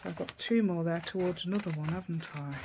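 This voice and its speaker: Chatty East Midlands woman, low gravelly voice. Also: fast, noisy background. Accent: East Midlands English. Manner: chatty, rambling, asks tag questions, laughs often. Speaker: craft tutorial host. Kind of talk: casual crafting tutorial chat.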